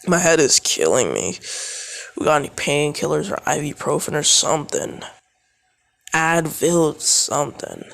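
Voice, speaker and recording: A man's voice: on the high side, wildly swooping pitch, a little slow, vocal fry, a bit bright, exaggerated voice. A man voicing a shy, dazed teenage boy hero who hesitates and stammers, in a fan-made audio story. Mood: groggy.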